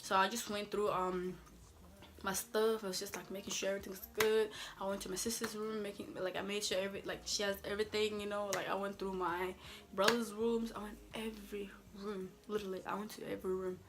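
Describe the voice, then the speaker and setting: A woman's voice: medium pitch, flat delivery, brisk, noisy background. A young woman telling a story on her vlog in a casual, emphatic, sassy way, filling her talk with "like" and firm "mm-mm"s. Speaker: vlogger.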